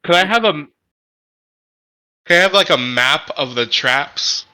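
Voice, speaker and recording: Male player, eager and pleading, very high and bright, lively. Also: a little slow, clear, resonant tone, rough recording. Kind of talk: casual tabletop game play.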